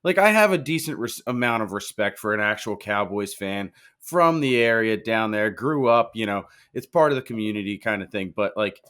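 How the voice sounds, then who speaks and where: A man's voice: on the low side, animated, moderate pace, a bit bright, clear, resonant tone. A man on a casual sports podcast, blunt and opinionated.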